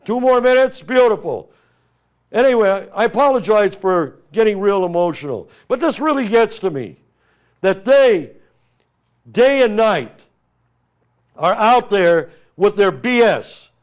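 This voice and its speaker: A man's voice: sits high, animated, measured pace, pauses often. A middle-aged Armenian American man, a congressional candidate hosting a talk show, giving an emphatic, impassioned political monologue and addressing opponents directly.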